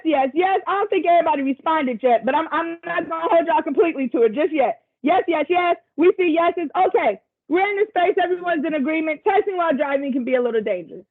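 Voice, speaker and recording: A woman presenter facilitating a virtual workshop over a video call, chatty and encouraging, with casual asides to the group. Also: extremely high pitch. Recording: tinny video call audio.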